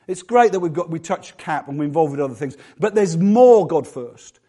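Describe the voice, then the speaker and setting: A man's voice: a little high, expressive, moderate pace, mellow, breathy edge. A middle-aged man preaching a sermon as pastor, conversational and self-deprecating.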